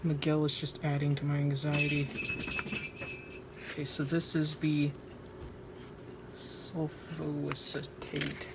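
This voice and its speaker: A woman's voice: deep voice, monotone, takes it slowly, vocal fry, pauses often. A woman narrating her own craft project in a casual vlog, anxious, dramatic and joking at her own expense. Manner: anxious, dramatic, self-mocking. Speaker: vlogger. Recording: noisy home recording.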